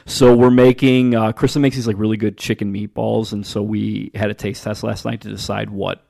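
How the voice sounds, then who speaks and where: A man's voice: on the low side, level tone, normal speed, vocal fry, mellow, no echo, studio quality. A young man hosting a casual podcast chat, telling rambling stories and swearing casually.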